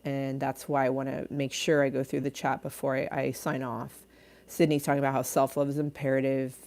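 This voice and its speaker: Reading out viewer comments on her casual livestream, a middle-aged woman laughs a lot and often loses her thread mid-thought. She has a bass voice, slightly mellow and level, and speaks a little fast.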